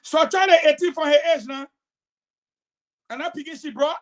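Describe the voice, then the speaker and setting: A woman giving heated political commentary on a talk show, emphatic and combative, swinging between loud outbursts and quiet asides. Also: high-pitched, normal speed.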